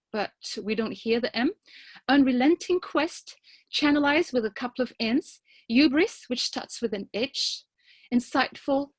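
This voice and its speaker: A woman giving a grammarian's report at a club meeting, speaking carefully and deliberately as she spells out tricky words. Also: on the high side, no echo, rough recording.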